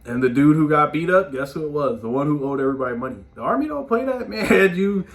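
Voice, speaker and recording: A man talks straight to his audience in a casual storytelling monologue. His voice sits a little high. He speaks in loose slang and swears freely. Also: fast talker. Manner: animated, slangy, swearing, frequent "man" tags. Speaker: podcast host giving advice.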